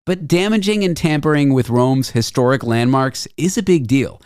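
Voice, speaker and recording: A man's voice: medium pitch, lively intonation, normal speed, a little mellow, smooth, no echo. A man hosting a radio talk show, delivering a sarcastic, jokey news monologue into a studio microphone.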